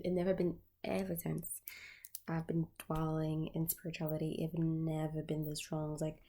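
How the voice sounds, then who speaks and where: A woman's voice: low-pitched, dark tone. A woman tarot reader chatting casually to her viewers, candid and profane, full of filler words.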